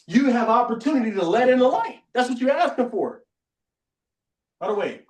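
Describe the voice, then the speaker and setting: A man runs a live online coaching session, his voice sitting noticeably high. He drives his points home through repetition and keeps asking the group whether they follow. The recording has a roomy echo around him. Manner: emphatic, repetitive motivational teaching; quizzes the group with questions. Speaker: bootcamp coach.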